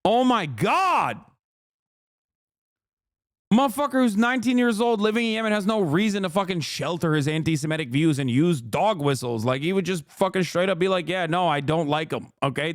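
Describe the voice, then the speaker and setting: A man's voice: sits high, dry recording. A man livestreaming casual political commentary, ranting in a sarcastic, profane, heated way on a close mic.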